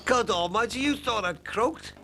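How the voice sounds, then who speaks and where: A man's voice: very high-pitched, expressive, sharp tone, faint music behind, full character voice. An actor playing a stubborn older father who grumbles and bickers with his children. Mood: cranky. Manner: grumpy, stubborn, quick to bicker. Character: stubborn, cranky older father just out of hospital. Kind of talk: TV soap acting.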